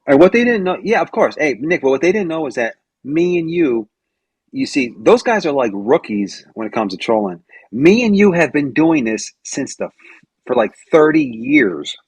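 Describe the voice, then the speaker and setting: A man's voice: on the high side, sing-song, normal speed, darkish tone, slightly rough, no room sound. A man on a live stream call, bantering and boasting, swearing freely.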